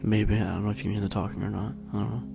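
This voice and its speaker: Over music, a man talks very fast with a flat, creaky delivery. He's vlogging casually at home in a carpeted room, rambling and low-key with many fillers and restarts, close into a tabletop USB microphone while wearing headphones.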